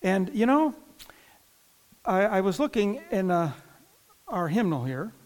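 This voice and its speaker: High-voiced man preaching a sermon. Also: big pitch swings, measured pace. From northern Indiana. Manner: conversational preaching, frequent restarts and asides to the congregation. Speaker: pastor.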